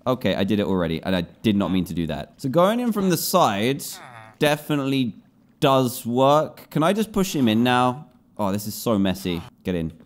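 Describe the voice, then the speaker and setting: Animated man, lively pitch. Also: normal speed. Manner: animated, scolds and pleads with game characters. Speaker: gaming video host. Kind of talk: gameplay commentary.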